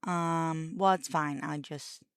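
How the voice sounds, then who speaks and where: A woman's voice: deep voice, fairly even intonation, slow pace, clean tone, no echo, clean studio sound. A woman streaming a game with her husband, chatting bubbly and giggly with viewers. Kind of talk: casual gaming stream chat.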